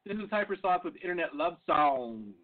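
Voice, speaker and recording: A middle-aged man hosting a comedy show, rambling and self-mocking, with loud hype bursts. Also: high-pitched, lively intonation, normal speed. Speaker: comedy podcast host. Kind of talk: comic monologue. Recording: phone-like lo-fi audio.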